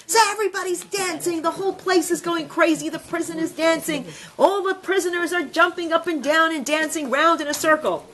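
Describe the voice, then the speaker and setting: A woman teaching a women's religious class, telling a story in an animated, chatty way with many fillers. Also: extremely high pitch, a little fast, hardly any pauses, a little hiss or hum. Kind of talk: storytelling lesson.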